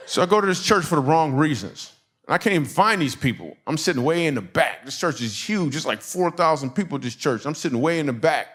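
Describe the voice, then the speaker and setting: A man's voice: on the high side, animated, fairly quick, a bit bright, a little hiss or hum. A middle-aged man from Michigan, a comedian and speaker, telling a funny story to a laughing audience and acting out the people in it.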